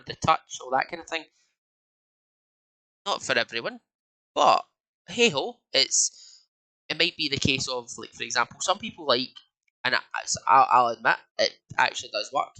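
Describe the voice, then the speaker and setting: A man's voice: medium pitch, expressive, moderate pace, long pauses, pushed and bright, low-quality recording. A young Scottish man co-hosting a casual podcast, rambling with many fillers and restarts. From Scotland. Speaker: podcast co-host. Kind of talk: casual chat.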